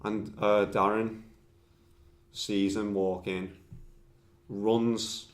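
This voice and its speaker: A man's voice: on the low side, flat delivery, drawn-out words, reverberant. A man telling a long comic tale in a podcast, rambling and swearing with lots of fillers. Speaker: storyteller. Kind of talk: comedic storytelling podcast.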